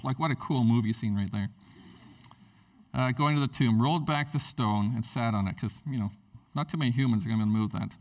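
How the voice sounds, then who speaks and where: A man preaching an animated, conversational sermon as pastor at a church service, acting out everyday scenes as he goes. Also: mid-range voice, fairly quick, distant mic.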